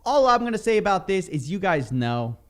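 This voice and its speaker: A man's voice: high voice, a little fast. A man co-hosting a casual podcast, joking and mimicking the people he discusses. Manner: animated, mimics people he mocks. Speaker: podcast co-host.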